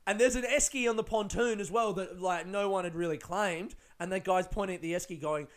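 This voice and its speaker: A man's voice: high-pitched, brisk. A young man telling a rambling, swear-filled story, full of fillers and laughs. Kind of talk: casual storytelling.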